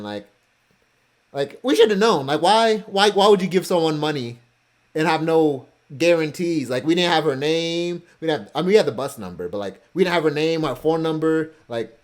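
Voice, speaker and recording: A man casually talking through his vacation photos, rambling with offhand, self-joking asides. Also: a little high. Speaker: vlogger going through his cruise photos.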